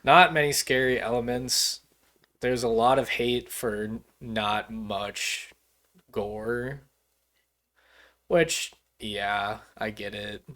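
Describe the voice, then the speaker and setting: A man co-hosting a casual movie review podcast, relaxed and quick to agree. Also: medium pitch. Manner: laid-back, brief agreeing replies. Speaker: podcast co-host.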